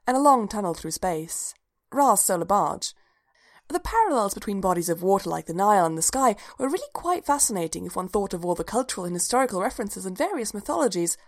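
A woman reading fan fiction aloud in an even, unhurried storytelling manner. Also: medium pitch. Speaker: reader.

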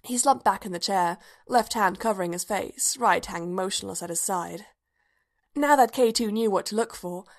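A woman narrating a story aloud in a soft, even, quiet reading voice. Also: mid-range voice, gravelly. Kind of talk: audiobook reading of fan fiction.

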